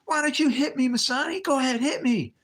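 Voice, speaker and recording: A man voicing a screaming older male drill sergeant who yells in a recruit's ear. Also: very high voice, fairly quick, pitched above the performer's own voice. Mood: taunting. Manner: yelling right in the ear.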